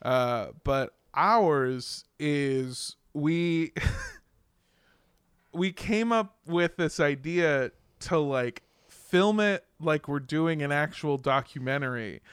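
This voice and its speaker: A young man tells long, rambling stories on a podcast, laughing often and swearing now and then. His voice sits a little high and sounds smooth and clear. The studio mic is close and dry. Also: drawn-out words, a bit bright, no echo. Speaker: podcast guest. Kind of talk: casual chat.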